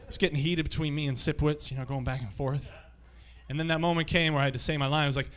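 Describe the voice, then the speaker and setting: A man's voice: fairly high pitch, fairly even intonation, fast talker. A man doing stand-up comedy on a theatre stage, telling loose, profane stories to a live audience. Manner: loose, profane anecdotal storytelling. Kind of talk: stand-up set.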